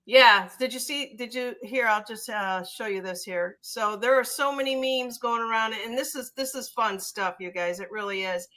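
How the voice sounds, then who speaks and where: A woman hosting a casual chat, pausing often and searching for words. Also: a little high, sharp tone. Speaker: host.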